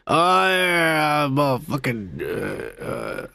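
A man's voice: fairly high pitch, huge pitch swings, very slow, creaky, bright, forceful tone, clear, resonant tone. A man co-hosting a podcast, grumbling and swearing in a crude, drunk, casual chat. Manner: profane, grumbling, mock-angry. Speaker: podcast co-host.

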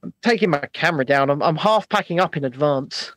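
Joking man with a high voice. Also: animated, fairly quick, fairly bright tone, no echo. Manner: joking, laid-back, chuckles often. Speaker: co-host of a live chat show. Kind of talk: casual banter, live stream.

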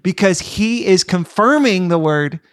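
A high-voiced, earnest man with an expressive, fairly bright, preacherly delivery reads scripture slowly. He's a podcast co-host and youth leader in a casual faith podcast chat, recorded dry at studio quality.

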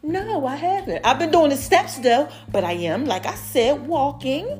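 A woman's voice: high voice, moderate pace, soft background music. Chatty woman hyping her followers. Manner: lively, chatty, calls listeners y'all and baby. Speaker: podcast host. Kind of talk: casual promo update to followers.

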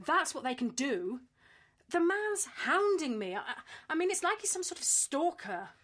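A woman's voice: high voice, sing-song, normal speed, a bit bright. An actress playing a woman unnerved by a stalker, frank and blunt in her speech, in a radio drama. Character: rattled woman harassed by a stalker.

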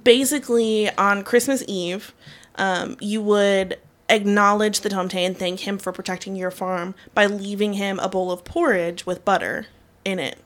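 A woman's voice: mid-range voice, fairly even intonation, unhurried. A woman co-hosting a casual podcast, explaining folklore with frequent ums and likes. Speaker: podcast co-host. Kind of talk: casual chat.

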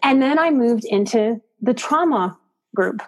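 A woman's voice: fairly high pitch, expressive, a little slow. A woman psychotherapist and life coach, a guest on a podcast, speaking expressively and emphatically and repeating words for stress. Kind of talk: conversational interview. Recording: podcast audio.

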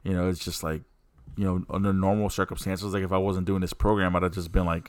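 A man's voice: low-pitched, level tone, fast talker, no echo, clean studio sound. A man hosting a casual podcast, talking in an easygoing, rambling way with lots of fillers. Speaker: podcast host.

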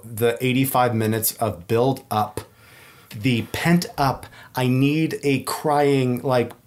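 Guy gushing about a scene, laughs a lot, acts out the lines, pretty lively. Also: medium pitch. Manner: animated storyteller who laughs often and acts out movie lines. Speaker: podcast guest. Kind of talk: casual chat.

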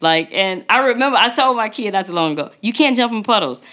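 A woman's voice: mid-range voice, animated, fast talker, fairly bright tone. A woman in her thirties co-hosting a podcast, chatting casually and animatedly, laughing often. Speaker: podcast co-host.

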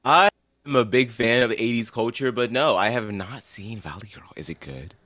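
A man's voice: mid-range voice, moderate pace, a bit bright, no echo, studio quality. A man guesting on a TV podcast, chatting in an upbeat way. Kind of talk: casual chat.

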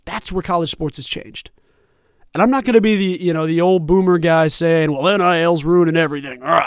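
A young man's voice sits high as he hosts a sports talk show, chatting animatedly and rambling off on lots of tangents. The recording is dry, with clean studio sound.

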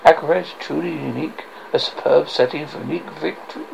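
A man voicing a fat, scheming older villain baron with a rumbling low voice, gloating and commanding. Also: a little fast, vocal fry, darkish tone, muffled recording, slight background noise. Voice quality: rumbling basso.

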